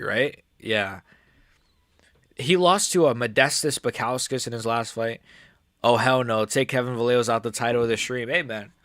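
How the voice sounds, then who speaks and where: A man chats through a live stream, rambling, excitable and often restarting his sentences mid-thought. His voice sits at an ordinary middle pitch. The sound is dry and close, with no room echo. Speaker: MMA YouTuber and live streamer. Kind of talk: casual live-stream commentary.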